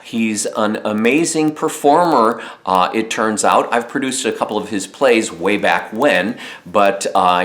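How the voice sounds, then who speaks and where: A man giving a casual monthly video update as a solo theatre performer, chatty and rambling with many fillers and restarts. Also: lowish voice. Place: home in Chicago.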